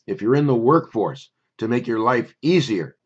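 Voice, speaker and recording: An older man, a memory course instructor, telling a personal story in a wry, conversational way before pitching his course. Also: sing-song, normal speed, husky, lo-fi sound.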